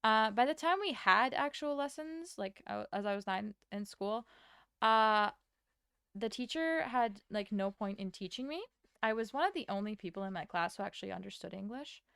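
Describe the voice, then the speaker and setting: Young woman from Latvia, chatty streamer, rambling, smooth clear tone, vocal fry, dry close sound. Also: medium pitch, lively intonation, a bit bright, no room sound. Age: young adult. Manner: chatty, rambling, answers chat with quick laughs. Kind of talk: casual chat while drawing on stream.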